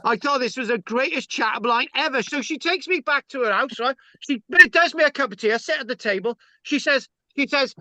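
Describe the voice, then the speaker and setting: A man's voice: very high-pitched, fairly quick, hardly any pauses, bright, forceful tone, dry recording. A man telling stories in casual chat, rambling and stammering, tagging lines with "right?". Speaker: channel host. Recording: dull lo-fi sound.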